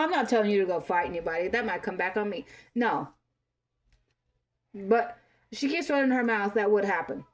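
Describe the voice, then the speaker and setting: A woman in her thirties delivering an angry, profane commentary rant, scolding bluntly. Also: fairly high pitch. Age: 30s. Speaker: vlogger.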